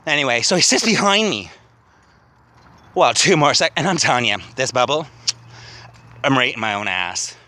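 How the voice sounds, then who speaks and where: A man's voice: medium pitch, animated, normal speed, long pauses, sharp tone. Rambling, profane man walking outdoors. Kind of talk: rambling walk-and-talk vlog. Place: outdoors walking past a city cemetery.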